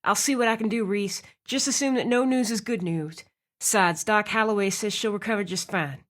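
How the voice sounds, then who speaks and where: A woman's voice: medium pitch, normal speed, a bit bright, natural voice. Woman reading an easygoing middle-aged country cop, plain-spoken, laid-back, audiobook figure. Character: folksy middle-aged male police officer.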